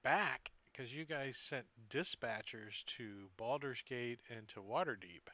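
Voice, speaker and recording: Man game master on a voice call, relaxed and rambling, bright and dry sound. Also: mid-range voice, slow pace, no room sound. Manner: relaxed, rambling, loose fillers. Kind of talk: narrating a tabletop game.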